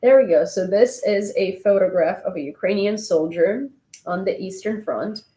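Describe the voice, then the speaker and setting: A woman's voice: mid-range voice, normal speed, mellow. A young woman hosting a casual live stream, chatting and rambling as she thanks viewers and laughs along the way. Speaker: live-stream host reading chat.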